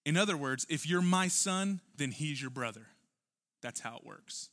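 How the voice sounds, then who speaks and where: A man's voice: fairly high pitch, lively intonation, normal speed, a bit bright. A man preaching a church sermon, earnest and emphatic, full of rhetorical questions. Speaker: pastor.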